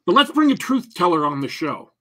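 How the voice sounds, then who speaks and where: Husky rambling man, joking chat. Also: high-pitched, very animated, fairly quick, pushed and bright. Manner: rambling, joking, many restarts. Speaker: podcast co-host. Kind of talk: casual chat.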